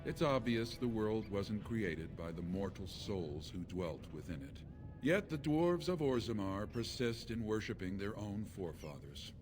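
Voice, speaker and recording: A pious dwarf brother in a fantasy game, earnest and a bit hesitant. His voice sits lowish and swings up and down as he pleads his cause. Game music plays clearly behind him. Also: expressive, measured pace.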